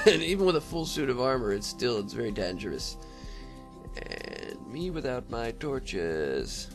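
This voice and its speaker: A man's voice: mid-range voice, big pitch swings, measured pace, music in the background. A man giving casual, rambling commentary over his own gameplay, talking to the monsters and often laughing. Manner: rambling, talks to mobs, frequent laughs and throat clearing. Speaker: Let's Play gamer.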